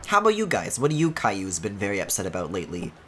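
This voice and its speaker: A man's voice: on the low side, wildly swooping pitch, very fast, bright, forceful tone, a little hiss or hum. A man streaming a video game, chatting casually as he plays, swearing and laughing often. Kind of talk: casual let's-play commentary.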